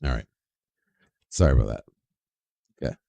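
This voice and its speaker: Gravelly low-voiced man on a livestream. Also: normal speed, warm tone, no room sound. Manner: rambling, reads chat names aloud, swears freely. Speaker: livestream host. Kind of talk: casual livestream chat.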